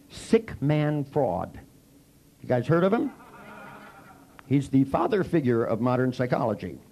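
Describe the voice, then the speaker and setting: An older man with a gravelly voice, giving a comic storytelling lecture to a seminar audience and wryly acting out both sides of his dialogues. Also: medium pitch, warm tone. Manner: wry, mocking, acts out both sides of dialogues. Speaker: seminar speaker.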